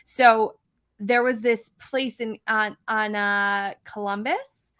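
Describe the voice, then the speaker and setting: Brief: woman podcast co-host, twenties, quick storyteller, bright tone. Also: medium pitch, steady tone, smooth. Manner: chatty storyteller, quick asides, laughs often. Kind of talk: casual chat.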